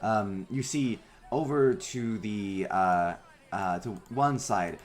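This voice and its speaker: A man's voice: on the low side, takes it slowly, soft background music. Man rambling through game narration. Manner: loose, rambling narration with fillers. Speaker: game master.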